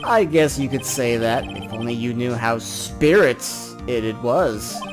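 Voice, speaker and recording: A let's player reading a courtroom game's dialogue aloud and voicing every character in turn. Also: mid-range voice. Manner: voices every character in turn, with quick asides. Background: game music.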